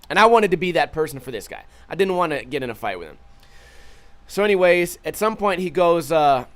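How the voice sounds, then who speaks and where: A man's voice: on the high side, a little fast. Profane man telling a bar story. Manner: profane, animated retelling with quoted voices. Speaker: vlog host. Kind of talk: casual storytelling.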